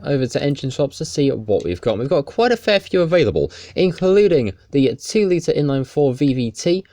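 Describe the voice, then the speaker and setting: A man's voice: fairly high pitch, darkish tone, dry recording, studio quality. A man, hosting a casual car game walkthrough in an upbeat, wry voice. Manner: upbeat, wry, playful emphasis. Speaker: car game video host. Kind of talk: casual gameplay walkthrough commentary.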